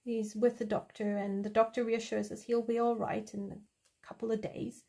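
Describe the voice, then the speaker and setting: A woman's voice: a little high, little pitch movement, moderate pace, vocal fry, warm tone. A woman voicing a polite young man who delivers fish, talking courteously and apologetically.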